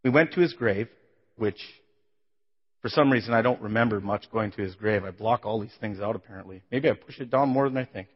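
A man's voice: fairly quick, slightly rough. Man preaching a heartfelt sermon in a hall. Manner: emotional testimony, voice swelling then dropping low. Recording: dull sound in a big reverberant hall.

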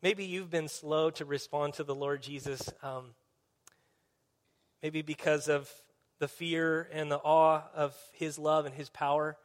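A man as a pastor, preaching a sermon in an earnest, conversational storytelling way. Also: a little high.

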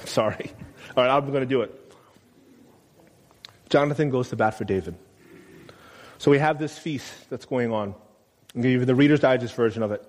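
A man's voice: medium pitch, normal speed, long pauses. Man preaching in a reverberant hall. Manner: conversational, asks the congregation questions, acts out quotes loudly. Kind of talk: sermon. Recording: long reverb of a large room.

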